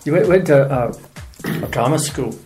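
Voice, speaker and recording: A man's voice: a little high, expressive, measured pace, darkish tone, faint music behind. A man interviewing a guest, giving short acknowledgements and asking conversational questions. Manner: brief backchannels and conversational questions.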